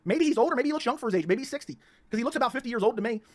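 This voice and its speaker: Fast-talking ranting man from Baltimore. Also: very high-pitched, lively intonation. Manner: mocking, heated, repetitive. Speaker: YouTube channel host. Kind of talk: ranting monologue.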